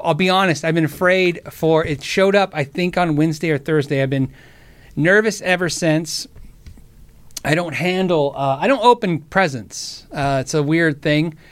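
A man with a notably high-pitched voice hosts his own show in loose livestream chat. He talks excitably, stammers and often breaks off to restart his sentences. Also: moderate pace, clear, resonant tone. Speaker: show host.

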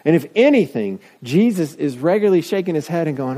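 A middle-aged man preaching a sermon in a conversational, self-deprecating way. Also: moderate pace. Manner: conversational, self-deprecating, lively shifts of pitch. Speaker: pastor.

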